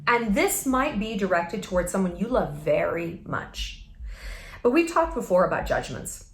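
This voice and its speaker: A woman's voice: mid-range voice, sing-song, measured pace, a little hiss or hum. A woman hosting a vlog, giving a casual motivational talk to camera, emphatic and laughing often. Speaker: vlog host. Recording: echoey room.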